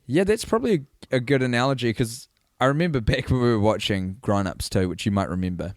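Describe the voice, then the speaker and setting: A man's voice: mid-range voice, expressive, fast, darkish tone, no room sound, studio quality. A man co-hosting a podcast in casual chat, riffing playfully in long rambling runs. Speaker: podcast co-host.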